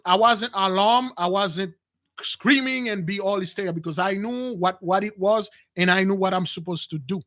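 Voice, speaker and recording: This spiritual channel host speaks at a normal speed in a high voice. Addressing his audience as "brothers," he relives a dramatic episode from his own life with lively, acted-out quotes, using non-standard grammar full of repeats and restarts.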